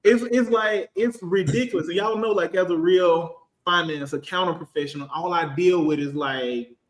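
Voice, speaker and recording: A finance professional in his thirties speaks on a casual business panel, animated and slangy, acting out quoted voices. His voice is high, his pace moderate, and the sound is roomy.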